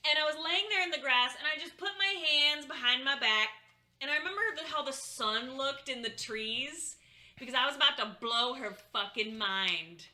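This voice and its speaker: A woman in her thirties co-hosting a casual chat, telling animated stories with swearing and mocking impressions. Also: high voice, normal speed. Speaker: co-host.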